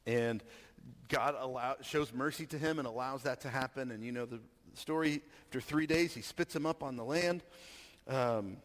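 A preacher delivers a casual sermon and reads scripture aloud, keeping it conversational and frequently asking his listeners questions. His voice is mid-range at a normal pace, with a long reverb tail.

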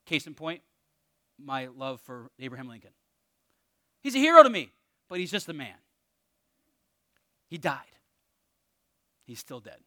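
A man preaching a sermon in a conversational, energetic way, often dropping to a hushed emphasis. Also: mid-range voice, a little slow, pauses often, no echo, clean studio sound. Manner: energetic, conversational with emphatic drops to near-whisper. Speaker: pastor.

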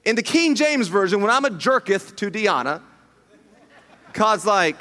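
Middle-aged male pastor, animated, joking sermon delivery with restarts, fairly high voice, long church reverb. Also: unhurried, long pauses. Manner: animated, jokey preaching with many restarts. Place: church hall.

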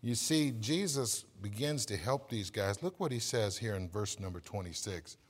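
A man preaching a sermon as pastor, swinging from quiet asides up to loud shouted emphasis and asking the congregation to answer back. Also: on the low side, lively intonation, moderate pace, breathy edge. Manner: calls for congregation response. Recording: long reverb of a church hall.

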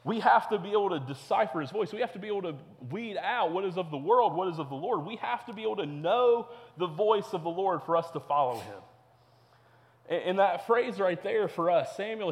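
A man's voice: high-pitched, lively intonation, a little fast, long reverb tail. A young man preaching a sermon to teenagers as a youth pastor, earnest and repetitive. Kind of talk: sermon to teens.

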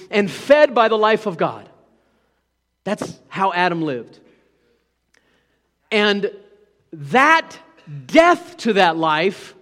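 A man's voice: high voice, a bit bright, big-room sound. A man preaching a sermon as pastor, emphatic and putting questions to the congregation.

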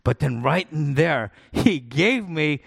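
A man's voice: a little high, animated, slow pace, gravelly, breathy edge. A middle-aged man, a pastor, preaching a sermon in an earnest, conversational way, repeating his key points for emphasis.

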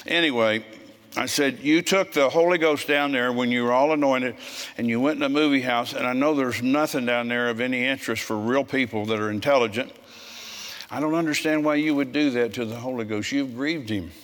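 A man in his seventies preaching a sermon, telling stories bluntly and growing forceful when he scolds. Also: mid-range voice, brisk. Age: 70s. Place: church service with congregation.

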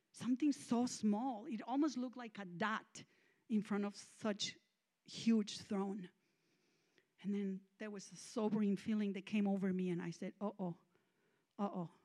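High-voiced woman preacher telling a testimony. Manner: emotional storytelling, swinging from hushed to loud. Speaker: guest minister. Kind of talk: sermon testimony.

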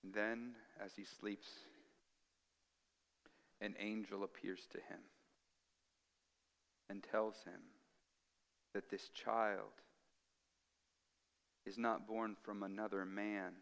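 A man preaching a sermon as pastor, swinging from hushed, drawn-out phrases to loud, emphatic ones. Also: fairly low pitch, level tone, vocal fry, long reverb tail.

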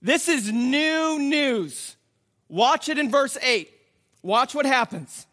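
A man preaching a sermon, reading scripture and explaining it in a slow, dramatic way that builds to emphatic outbursts. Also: very high voice, lively intonation, bright, forceful tone. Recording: long hall reverb.

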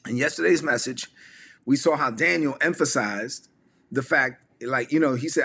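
A pastor preaches a sermon to an online audience, emphatic and repetitive, urging listeners to say lines back aloud. His mid-range voice has vocal fry and a sharp, slightly rough edge, at a moderate pace.

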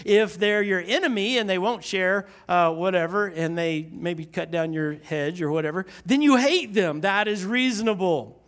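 A man preaching a sermon, slowing down to stress key lines and using dry sarcasm. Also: high voice, fairly bright tone.

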